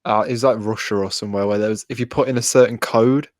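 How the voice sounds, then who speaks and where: A man's voice: on the low side, fairly even intonation, fast talker, no room sound. Young co-host in his twenties, giggly and playful, dry close recording. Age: 20s. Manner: giggly, playful, easily amused. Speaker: podcast co-host. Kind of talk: casual chat.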